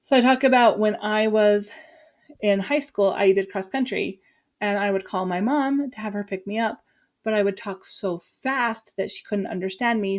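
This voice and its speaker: A teacher from Utah, USA, with a mid-range voice, walks through her lesson plan. Her chat is casual and lively, with quick asides.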